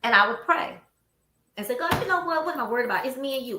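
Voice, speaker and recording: A high-voiced woman with a Southern US accent talks fast as she hosts a casual chat, animatedly telling stories and imitating what people said. The office room echoes, and there is background noise.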